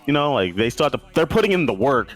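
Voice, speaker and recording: A man talking casually as an esports panelist, relaxed and searching for his words. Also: mid-range voice, quick pace.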